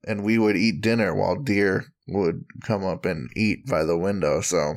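A man co-hosting a casual comedy podcast, telling stories in an animated, joking way. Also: normal speed. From Wisconsin. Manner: animated, jokey storytelling with bursts of high-pitched bits. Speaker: podcast co-host.

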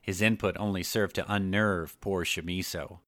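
A man narrating an audiobook in a steady, measured way. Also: low-pitched, no echo, studio quality. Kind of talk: scripted narration.

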